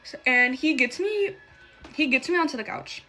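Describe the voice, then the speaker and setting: A woman's voice: high-pitched, expressive, moderate pace, sharp tone, faint music behind. A young adult woman telling a personal story in a casual, emotional way while doing her makeup, swearing a lot and filling with "like". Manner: emotional, heavy swearing and filler "like".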